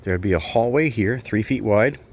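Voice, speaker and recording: A man's voice: lowish voice, normal speed, a little mellow. A man casually walking through his backyard, chatting in a rambling, self-correcting way while filming on a handheld camera. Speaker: bird sanctuary keeper. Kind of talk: casual walk-and-talk vlog. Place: outdoors in a backyard by an aviary. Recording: noisy outdoor ambience.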